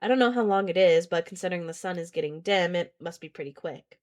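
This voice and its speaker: A woman's voice: on the low side, fast, a little mellow, close to an everyday voice. A woman reading a novel aloud, voicing a plainspoken male scientist who explains things in her own everyday voice. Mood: explaining.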